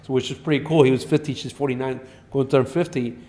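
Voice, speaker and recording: A middle-aged man, a doctor guest on a podcast, telling animated patient stories in a blunt, profane way. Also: mid-range voice, fast. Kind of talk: storytelling in a podcast interview.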